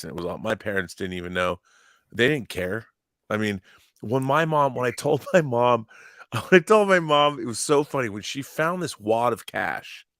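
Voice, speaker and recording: A man in his fifties, co-hosting a podcast, telling blunt, lively stories and acting out the dialogue in them. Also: lowish voice, dry recording, clean studio sound. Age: 50s. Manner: animated anecdotes, blunt, acts out dialogue. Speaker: podcast co-host. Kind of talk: casual storytelling chat.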